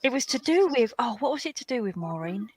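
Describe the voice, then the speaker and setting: A woman's voice: fairly high pitch, sing-song, fast talker, a little mellow, no echo, poor audio. A woman hosting a live colouring stream, telling chatty anecdotes in casual talk. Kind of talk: casual chat.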